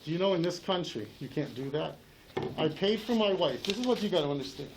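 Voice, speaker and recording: A channel owner confronts a sheriff face to face in a heated argument, insisting, swearing, repeating himself and talking over others. His voice is a little high, expressive and fast. The recording is rough, with slight background noise.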